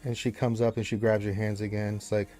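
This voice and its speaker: A man runs a tabletop game, narrating in a relaxed, rambling way full of fillers. His voice is low and mellow, with faint music playing behind him. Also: brisk. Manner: loose, conversational narration with fillers. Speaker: game master.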